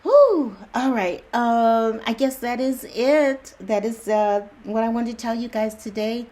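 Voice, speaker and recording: A woman speaking straight to her viewers in a relaxed, reassuring pep talk. Her phrasing is loose and slangy, she repeats her comforts again and again, and she breaks into chuckles often. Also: fairly high pitch, unhurried. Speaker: spiritual channel host.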